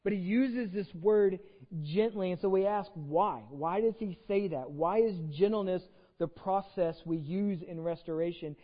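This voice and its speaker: A man's voice: high voice, measured pace, long reverb tail, highs cut off. A man from Texas preaching a sermon as pastor, talking conversationally with rhetorical questions and repeated words. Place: church sanctuary.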